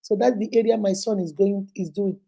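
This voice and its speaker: A middle-aged woman hosting a live-stream chat and counseling show, animated and chatty as she greets viewers by name. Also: mid-range voice, fairly quick, gravelly, slightly rough, poor audio. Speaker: host and counselor.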